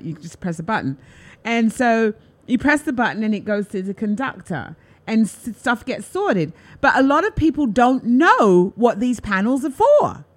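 A woman hosting a talk show, chatting casually and telling an animated story, acting out what people said. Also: on the high side. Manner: animated, acts out quotes in lively voices. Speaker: host.

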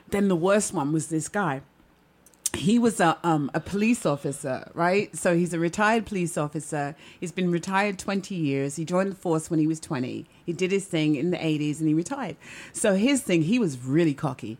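A middle-aged woman doing stand-up, telling stories in a chatty, animated way and often asking the audience "right?". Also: on the low side, normal speed. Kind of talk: stand-up storytelling.

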